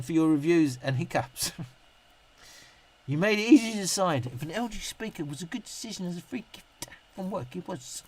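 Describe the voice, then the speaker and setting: A tipsy middle-aged man, rambling, swearing and laughing as he answers viewer comments on a live stream. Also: on the high side. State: tipsy from drinking. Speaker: YouTube reviewer on a live stream.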